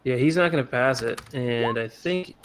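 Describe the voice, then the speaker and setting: A man running a tabletop game as game master, giving relaxed rulings with a dry chuckle. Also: medium pitch, moderate pace, background noise.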